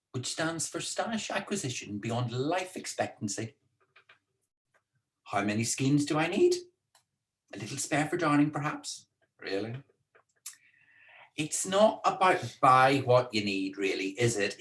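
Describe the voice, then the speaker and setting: A man's voice: medium pitch, a bit bright. A man hosting a casual live-streamed talk from home in a chatty, playful, teasing way. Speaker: co-host and speaker. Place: indoors at home.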